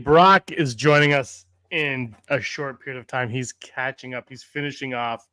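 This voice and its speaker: A man's voice: fairly high pitch, bright, forceful tone, smooth, no echo, studio quality. A man hosting a podcast over a video call, chatting casually, laughing often and restarting his sentences. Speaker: podcast host.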